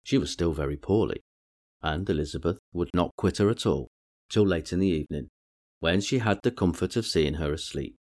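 A man narrating a classic novel aloud in a measured reading style. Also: sits low, a little mellow. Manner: measured reading with varied character voices. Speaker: audiobook narrator.

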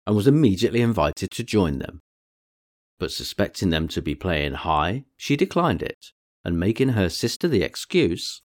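A man narrating a classic novel aloud in a measured reading style. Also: low voice. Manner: measured reading with varied character voices. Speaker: audiobook narrator.

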